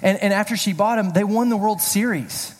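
A middle-aged pastor giving a casual, joking sermon, telling personal stories in a chatty way. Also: male voice, high-pitched, a little fast. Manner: chatty, storytelling, self-deprecating jokes. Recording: reverberant hall.

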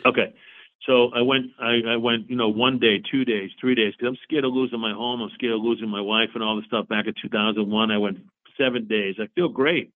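A man's voice: mid-range voice, fairly even intonation, brisk, phone-quality sound. A man in his forties telling his own story as an interview guest, earnest and repetitive, acting out both sides of past conversations. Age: 40s. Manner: earnest, repeats himself, acts out both sides of dialogue. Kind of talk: confessional storytelling.

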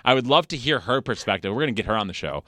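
A middle-aged man hosting a casual interview, animated and jokey, laughing often. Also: medium pitch, rapid-fire, no room sound, studio quality. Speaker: podcast host.

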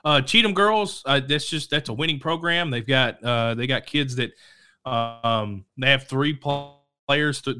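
A man hosting a local high school sports show, talking casually and rambling, correcting himself and coughing now and then. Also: bright, forceful tone, smooth. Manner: rambling, self-correcting, chatty. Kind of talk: casual sports talk to camera.

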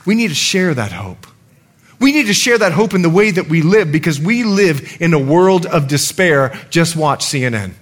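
A middle-aged man from the United States, a pastor preaching a sermon in a lively, humorous way. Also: on the high side, normal speed.

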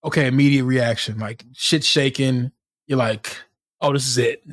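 A man's voice: medium pitch, fairly even intonation, normal speed, no room sound, clean studio sound. A man co-hosting a podcast in easygoing casual chat, full of "you know" and "man". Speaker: podcast co-host.

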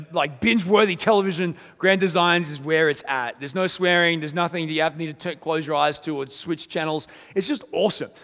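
A man preaching a sermon as pastor, telling stories with lively, acted-out quotes. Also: high-pitched. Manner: animated storytelling, acts out quoted voices. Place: church auditorium. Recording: church hall reverb.

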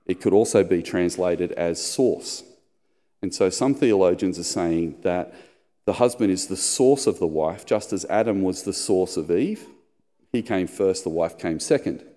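A middle-aged man preaching a sermon as a pastor, telling personal stories and putting on squeaky voices in them. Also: mellow. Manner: storytelling, acts out squeaky high voices in anecdotes. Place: church hall. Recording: long hall reverb.

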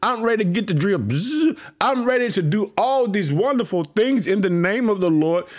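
A man preaching to his podcast listeners as pastor, excited and repetitive. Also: sits high, a little fast. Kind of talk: podcast sermon.

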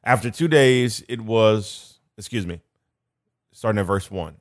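A man's voice: fairly low pitch, measured pace, no echo, studio quality. Male preacher repeating phrases for emphasis. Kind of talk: sermon.

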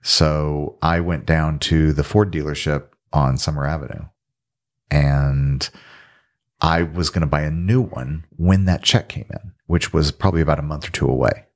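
A man from the American South, a film director as guest, telling animated stories in casual conversation in a podcast studio. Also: a bass voice. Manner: animated anecdote-teller, trails off and restarts. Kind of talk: casual storytelling in an interview.

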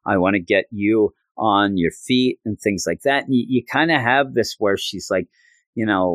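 A man's voice: fairly low pitch, moderate pace, fairly bright tone, no room sound. A man hosting a podcast, recapping a comic book story in an earnest, rambling way with many fillers. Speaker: podcast host.

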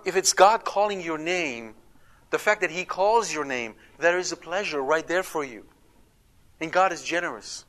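A man teaching a Bible study, talking conversationally, asking his listeners questions and slowing down to stress key words. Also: fairly high pitch, bright, forceful tone. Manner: emphatic, slows to stress words.

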